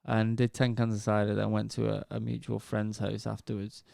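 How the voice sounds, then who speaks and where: A man's voice: fairly low pitch, flat delivery, normal speed, gravelly, darkish tone, dry recording, studio quality. A man, co-hosting a podcast in casual chat, telling short stories and laughing often. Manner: laughs often, chatty, calls people mate. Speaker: podcast co-host.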